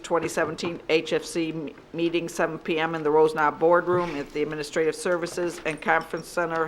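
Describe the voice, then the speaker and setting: A woman with a low voice reads announcements and a list of upcoming meetings at a school board meeting. She speaks in a steady, listing cadence. Faint hum sits in the background. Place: public boardroom.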